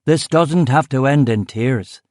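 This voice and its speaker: Brief: cool-headed male mob boss in an audiobook, blunt and threatening, as the narrator reads him, mid-pitched and dry. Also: measured pace, darkish tone, dry recording, close to an everyday voice. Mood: menacing. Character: menacing male street gang ringleader.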